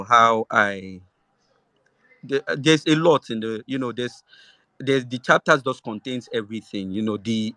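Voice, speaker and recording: A man, a guest author, giving a halting thank-you speech full of ums and restarts. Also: medium pitch, pushed and bright, no echo, clean studio sound.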